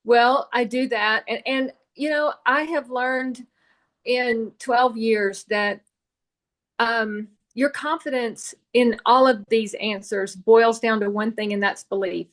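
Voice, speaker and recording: A woman with a slightly raised pitch shares her experience on a group training call. She talks reflectively, telling her own story with frequent "um"s as she thinks aloud. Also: fairly even intonation, takes it slowly. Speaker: direct sales team leader.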